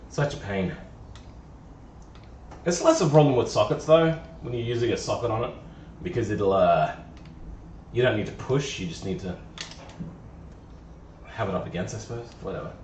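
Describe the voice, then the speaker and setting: Animated man muttering in an echoey garage. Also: fairly low pitch, normal speed, long pauses, a little hiss or hum. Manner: muttering to himself, playful and self-mocking. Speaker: streamer working on a car. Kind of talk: casual live-stream chatter while working. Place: garage or workshop. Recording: echoey, dull sound from a distant mic.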